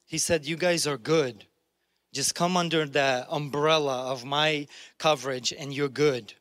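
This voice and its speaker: A man's voice: on the high side, fairly even intonation, a little slow, fairly bright tone, no room sound. Earnest preaching man, dry sound. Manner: earnest, conversational preaching with restarts. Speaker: pastor. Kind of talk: sermon.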